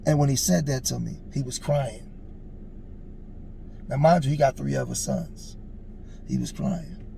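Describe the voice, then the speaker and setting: A man in his forties, gravelly and medium-pitched, speaks a little slowly over background noise. He tells a personal story for a street interview show, casual and earnest, breaking into emphatic, preachy asides.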